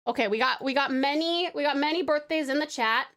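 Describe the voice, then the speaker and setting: A woman's voice: sits high, fairly quick, a bit bright. An Australian woman from Tasmania, chatting with her viewers on a live stream, bubbly and giggly, often gasping and laughing. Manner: affectionate with viewers. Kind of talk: casual live-stream chat.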